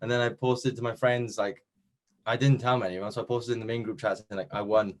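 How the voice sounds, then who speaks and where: A man's voice: medium pitch, little pitch movement, fairly quick. Chatty young Welsh man. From Wales. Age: young adult. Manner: modest, chatty, lots of fillers and restarts. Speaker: interviewee, competition winner. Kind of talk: casual chat.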